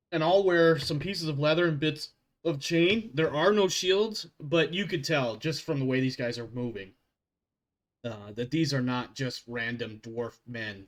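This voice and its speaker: A man running a tabletop game as game master, narrating casually and rambling. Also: mid-range voice. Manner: casual, rambling, self-deprecating.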